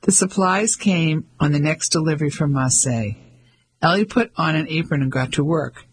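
A man giving measured scripted narration of an audiobook. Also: a little high, husky, low-quality recording. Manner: measured storytelling.

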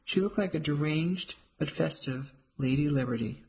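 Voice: mid-range voice, normal speed, a little mellow, poor audio. A narrator reading a cozy mystery aloud in the first person, with a light, wry delivery.

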